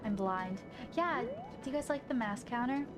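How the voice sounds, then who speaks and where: Young woman streamer, lively sing-song voice, higher pitched, game music behind. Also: normal speed. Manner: chatty, excitable, self-deprecating. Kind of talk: casual live-stream chat.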